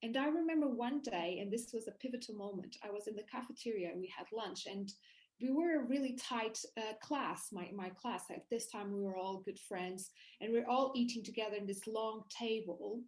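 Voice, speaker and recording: A woman guest in a casual interview, recounting her own story in an animated way, often restarting her sentences. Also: on the high side, normal speed, low-quality recording.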